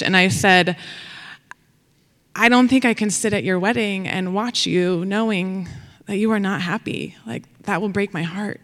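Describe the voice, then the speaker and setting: A woman's voice: medium pitch, a bit bright. A woman telling a personal story live on stage, chatty, with fillers and frequent laughter. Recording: long hall reverb.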